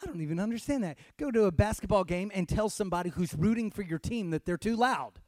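A man from Texas preaching a sermon, dropping to near-hushed tones and then building to loud, urgent cries. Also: high voice, animated, quick pace, dry recording, clean studio sound. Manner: dramatic, swings from hushed to shouting. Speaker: pastor.

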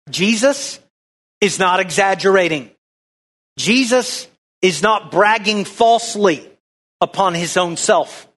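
A man's voice: high voice, a bit bright. A man preaching a folksy, conversational sermon, drawing the congregation into call-and-response. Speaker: pastor.

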